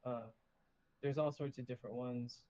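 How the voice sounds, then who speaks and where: A man's voice: mid-range voice, steady tone, moderate pace, mellow, dull audio. A man running a tabletop game who explains rules casually, with many fillers and restarts. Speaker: game master.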